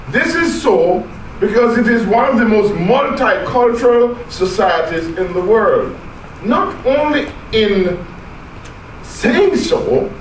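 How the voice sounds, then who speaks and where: An animated Jamaican man speaks to a club audience in a high, lively voice, teasing them as he goes. He stands well back from the mic in an echoey meeting room. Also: far from the mic, slight background noise. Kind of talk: public speech to a club audience.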